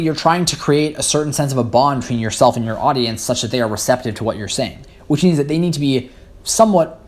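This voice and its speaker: A teenage boy, a high school debate captain, explaining public speaking tips in an articulate, structured way. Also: darkish tone. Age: teens. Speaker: guest student speaker.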